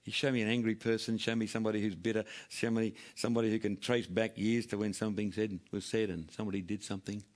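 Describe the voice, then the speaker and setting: A man pastor delivering a sermon, moving from loud, emphatic scripture readings to quiet, hushed asides. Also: on the low side, level tone, quick pace, hardly any pauses.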